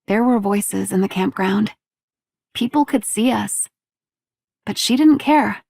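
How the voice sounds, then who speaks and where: A woman's voice: medium pitch, takes it slowly, vocal fry, darkish tone, no room sound, clean studio sound. A woman narrating an audiobook, reading the dialogue with small shifts between characters. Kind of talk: scripted narration.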